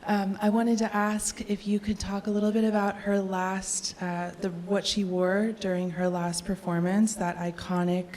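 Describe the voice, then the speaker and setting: A woman from San Antonio moderating a live event, speaking in an earnest, measured way. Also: medium pitch, little pitch movement, a little mellow, a little hiss or hum. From San Antonio, Texas.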